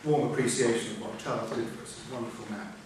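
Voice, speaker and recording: A man's voice: medium pitch, fairly even intonation, quick pace. A man in his sixties chairing an evening talk, telling wry, digressive anecdotes as an introduction. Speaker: event chair. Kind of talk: after-dinner introduction speech. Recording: echoey hall from far off, room noise.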